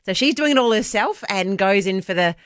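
A woman's voice: medium pitch, lively intonation, fairly quick, dry recording. A woman, hosting breakfast radio in a chatty, laughing way from a studio microphone. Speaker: radio host.

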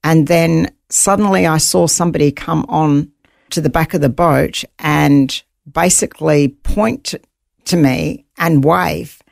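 A woman's voice: deep voice, steady tone, unhurried, creaky, a little mellow, dry recording, studio quality. A woman guest in an interview, earnestly telling a personal story and voicing her own thoughts aloud.

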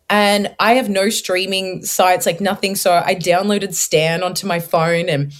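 A young woman as an interview guest, telling her faith testimony with animated storytelling and acting out her own past words. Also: mid-range voice, gravelly.

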